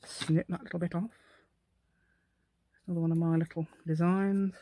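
A woman's voice: fairly low pitch, level tone, normal speed, dark tone, a little hiss or hum. A woman hosting a casual crafting tutorial at her craft table at home, thinking aloud and asking the viewer questions as she works. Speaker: craft channel host.

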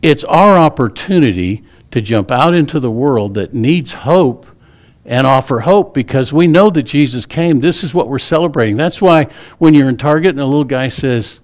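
A middle-aged pastor preaches to his church in a folksy, joking way. His voice sits at a medium pitch as he weaves stories into the sermon. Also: expressive, moderate pace. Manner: folksy storytelling with humor. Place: church sanctuary.

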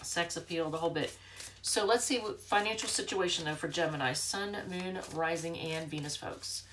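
A woman with a somewhat low voice reads tarot cards in a casual, chatty way. Her voice sounds stuffed up and congested, and she wanders with fillers and restarts as she talks through the spread. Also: moderate pace, heavy background noise. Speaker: tarot reader. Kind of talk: casual tarot card reading.

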